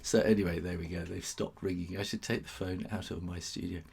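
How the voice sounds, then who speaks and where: A man's voice: low-pitched, steady tone, brisk, vocal fry, a little mellow, breathy edge. A middle-aged man, hosting a casual live drawing stream and chatting with viewers in a rambling, chuckling way. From England.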